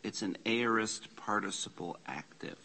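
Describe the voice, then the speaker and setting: Guy teaching a church greek class, slow and deliberate, lowish bright voice. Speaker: Bible study teacher. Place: church meeting room.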